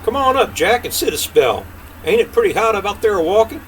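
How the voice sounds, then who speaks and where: Older man doing old country king, drawling, lively raised voice, far from the mic, faint hum. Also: sits high, a little fast, voice pushed up. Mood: hospitable. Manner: drawling backwoods speech. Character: old male country king, folksy and hospitable. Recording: distant mic, faint air-conditioner hum.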